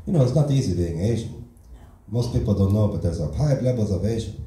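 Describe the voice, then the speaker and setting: A stand-up comedian playing a naive immigrant man who speaks broken English in deadpan one-liners. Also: medium pitch, quick pace, a little hiss or hum, close to an everyday voice. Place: comedy club stage. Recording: echoey room from far off.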